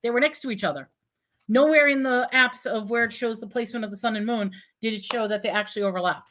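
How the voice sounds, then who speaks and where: A woman with a high voice hosts a relaxed live online chat. She talks in an animated way and keeps posing questions. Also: fast talker. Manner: animated, questioning, puts on a cutesy sing-song for props. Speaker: host. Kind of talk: casual live-stream chat.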